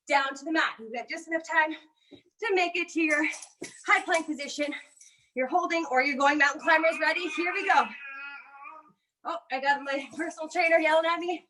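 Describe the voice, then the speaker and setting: A woman's voice: extremely high pitch, normal speed, long pauses, sharp tone. A woman with a Canadian accent coaching a home workout class, upbeat and encouraging, out of breath as she counts down each round. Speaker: fitness coach.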